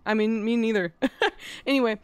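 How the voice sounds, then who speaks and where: Playful, foul-mouthed woman streamer with a high voice. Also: fairly even intonation, normal speed, clear, resonant tone, no room sound. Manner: playful, profane, bursts into gasps and laughs. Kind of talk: casual live-stream chat while gaming.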